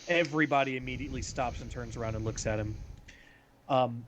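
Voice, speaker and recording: A man's voice: mid-range voice, brisk, slight background noise. A man narrating a tabletop game as game master, talking casually with lots of "like" and "um". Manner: casual, full of "like" and "um".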